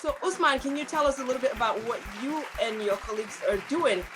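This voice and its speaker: A woman's voice: high voice, fast, a crowd in the background, background noise. A woman hosting a talk show, introducing guests and topics in an upbeat, enthusiastic way. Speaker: show host.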